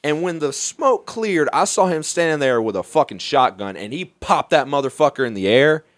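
Young guy from alabama swearing up a storm, voice jumping all over, kinda high, dry sound. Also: moderate pace, no room sound. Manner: profane, animated, laughing often. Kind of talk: casual storytelling.

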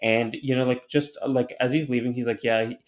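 A man recounting a story to a co-host in loose, casual chat. He rambles, circles back, stacks up fillers and curses freely. His voice sits at an ordinary middle pitch. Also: steady tone, brisk. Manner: rambling, many "like" fillers and restarts, swearing. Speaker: podcast co-host.

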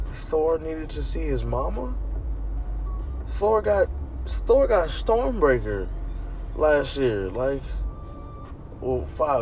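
A man's voice: medium pitch, a little hiss or hum, poor audio. A man hosting a movie review show, ranting casually and profanely and acting out quoted lines. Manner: animated and profane, acts out quoted voices. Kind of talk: casual rant.

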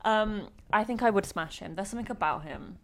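A young woman co-hosting a casual chat podcast from a home bedroom. She talks in a loose, chatty way, swears without a second thought and laughs often, at a mid pitch. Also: a little fast. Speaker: podcast co-host. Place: decorated bedroom.

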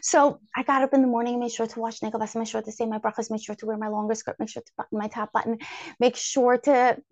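A woman telling a personal story to a live audience, lively and acting out her own inner thoughts. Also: fairly high pitch, fast, no echo. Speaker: guest speaker.

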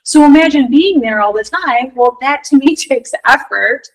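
A woman co-hosting a casual spiritual talk show, animated and playful, saying "like" often. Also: high voice, normal speed, rough recording. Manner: animated, playful, says "like" a lot. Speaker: podcast co-host.

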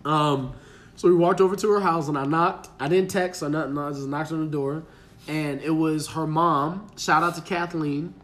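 A man with a high, bright voice, telling a story in casual podcast chat. He laughs often and acts out what people said in animated bursts. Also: moderate pace. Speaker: podcast guest.

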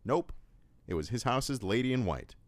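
A man's voice: medium pitch, expressive, normal speed, no echo. A man co-hosting a casual podcast, reading listener emails aloud in a dry, playful way. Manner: dry, playful delivery with frequent laughs.

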